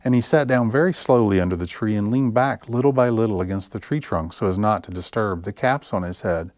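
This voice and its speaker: A children's librarian reading picture books aloud at story time, slow and expressive. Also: male voice, on the low side, no room sound. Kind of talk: picture-book read-aloud.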